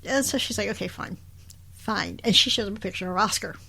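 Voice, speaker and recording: A woman's voice: medium pitch, racing, sharp tone, husky. A woman co-hosting a podcast, recapping a show in casual chat, laughing often and acting out the characters' lines. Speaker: podcast co-host.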